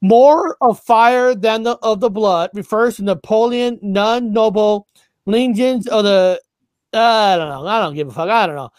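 A man's voice: sits high, moderate pace, no room sound, studio quality. A man co-hosting a casual chat, reading passages aloud, stumbling over words and swearing offhand.

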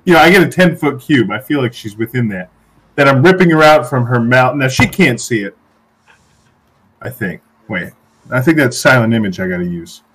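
A man playing in a tabletop game, animated and swearing as he speaks in character. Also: medium pitch, normal speed, slightly rough. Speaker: player. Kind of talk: casual tabletop game play.

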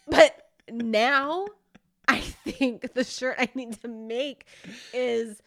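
A woman's voice: fairly high pitch, extremely slow, long pauses, a bit bright. A woman in her thirties chatting casually as a podcast co-host about a movie, giggly and prone to laughing until she tears up. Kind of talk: casual chat reviewing a movie.

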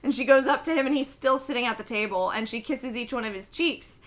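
A woman's voice: on the high side, fast talker. A young woman recapping a movie in casual podcast chat, giggly and full of fillers. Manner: chatty, giggly, lots of fillers. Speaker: podcast co-host.

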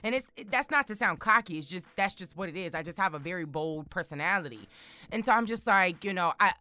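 A young woman chatting casually to her viewers, bold and excitable, repeating words for emphasis. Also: fairly low pitch, quick pace, no echo. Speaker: vlogger.

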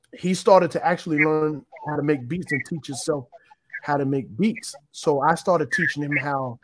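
A man's voice: on the high side, background noise. Reflective man telling his story. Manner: reflective, meandering, with frequent restarts. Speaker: interview guest. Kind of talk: casual storytelling interview.

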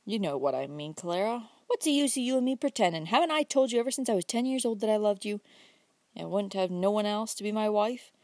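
A woman voicing an earnest young man courting his sweetheart, speaking low and hushed with quiet insistence. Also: expressive, a little fast, no room sound. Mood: earnest pleading.

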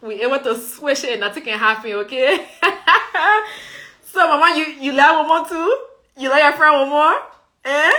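A woman's voice: high-pitched, unhurried, pushed and bright, voice pushed up. A woman putting on her Liberian Kolokwa accent to play a playful Liberian woman teasing a friend. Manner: playful, sing-song.

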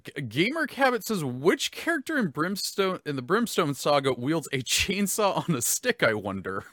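Giggly American host, lively bright voice. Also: male voice, fairly high pitch, normal speed, dry recording, clean studio sound. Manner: laughs often, stumbles and repeats words. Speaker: host reading chat questions. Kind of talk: casual livestream chat.

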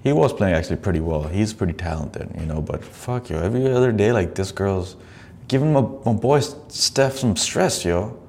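A man's voice: fairly low pitch, moderate pace, creaky, slight background noise. A man hosting a casual podcast, reacting to video clips with profane, mocking commentary. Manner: profane, mocking, animated asides. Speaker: podcast host.

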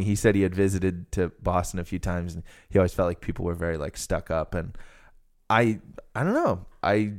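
Brisk and animated, this young Rhode Island man rambles through a casual podcast chat full of fillers. He speaks low, with a slightly mellow quality.

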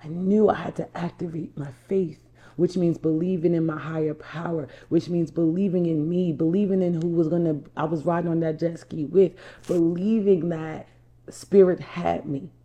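A woman's voice: on the low side, steady tone, normal speed, warm tone, highs cut off. A woman from New Jersey, a life coach, telling a personal story to viewers in an emphatic, repetitive way and calling them y'all. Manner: emphatic, repeats herself, addresses viewers as y'all.

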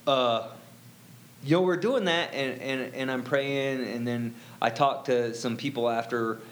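A man's voice: mid-range voice, steady tone, measured pace, a little hiss or hum. A middle-aged man telling a personal story as an interview guest, rambling and full of "you know" fillers.

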